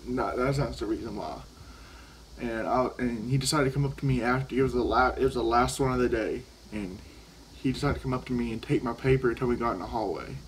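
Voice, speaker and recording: A man's voice: mid-range voice, fairly quick, a little hiss or hum, low-quality recording. A teenage boy telling a story in a casual vlog, rambling and profane, often restarting his sentences. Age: teens. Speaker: vlogger. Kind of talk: casual storytelling while vaping.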